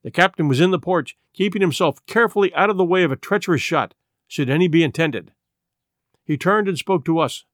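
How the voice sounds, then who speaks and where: A man narrating a classic adventure novel in an expressive storytelling manner. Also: fairly high pitch, brisk, no echo, clean studio sound. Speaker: audiobook narrator.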